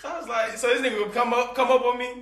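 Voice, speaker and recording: A man's voice: very high voice, steady tone, rapid-fire. A young man in casual banter, boasting and laughing in slang. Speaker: friend in a group chat. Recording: echoey room with crowd noise.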